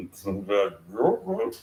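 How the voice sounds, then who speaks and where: Gravelly, slow-talking ranting man. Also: on the low side, darkish tone, roomy sound, slight background noise. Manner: rambling, sarcastic, chuckling often. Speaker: vlogger. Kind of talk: rambling political rant.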